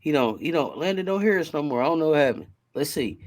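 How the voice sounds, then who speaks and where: A man's voice: fairly high pitch, lively intonation, fast talker. A man hosting a casual sports chat, laid-back and quizzing his guests. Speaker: host.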